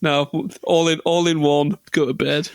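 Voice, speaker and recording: Brief: co-host, fairly high voice, loose self-mocking storyteller, dry close sound. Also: male voice, level tone, measured pace, clear, resonant tone, no echo. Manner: rambling, self-deprecating, with many ums. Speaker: podcast co-host. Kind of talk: casual chat, storytelling.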